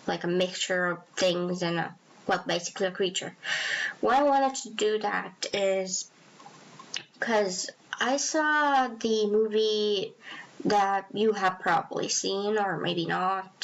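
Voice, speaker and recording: A woman talking through a drawing tutorial in a casual, rambling, self-deprecating way. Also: mid-range voice. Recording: slightly dull lo-fi recording.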